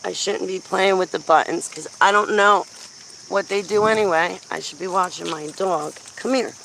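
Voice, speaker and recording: Woman vlogger, gravelly fry, blunt chatty storyteller, outdoors on a phone mic, faint background noise. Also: on the low side, moderate pace, a bit bright. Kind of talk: casual rambling chat. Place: outdoors walking a dog.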